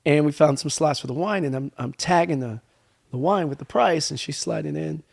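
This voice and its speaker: A man's voice: on the high side, a little fast, creaky. A man guest on a wine podcast, telling stories in a casual chat and acting out the people he quotes. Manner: animated storyteller acting out quoted dialogue. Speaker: winemaker guest.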